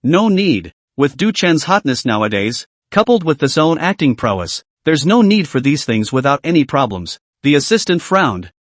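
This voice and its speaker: A man's voice: a little high, sing-song, normal speed, few pauses, no room sound. A man narrating a web comic recap, telling the story steadily with asides to viewers.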